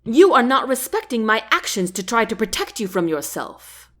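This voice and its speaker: A woman's voice: fairly high pitch, big pitch swings, normal speed, a bit bright. Dolion, a woman reading a pompous chancellor. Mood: haughty. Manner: haughty, dismissive and exclaiming. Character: pompous scheming male chancellor, smug and condescending.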